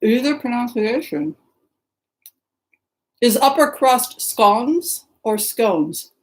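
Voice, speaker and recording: A middle-aged woman hosting a livestream from the Seattle area, Washington, speaks slowly in a voice on the high side. She rambles in casual chat and greets live viewers by name. The audio is poor.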